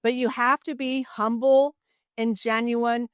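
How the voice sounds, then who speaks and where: Woman, middle-aged, podcast guest, earnest animated storytelling, smooth clear voice, dry close sound. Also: fairly high pitch, measured pace, no room sound. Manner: earnest, animated storytelling with many "you know"s. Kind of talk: casual interview storytelling.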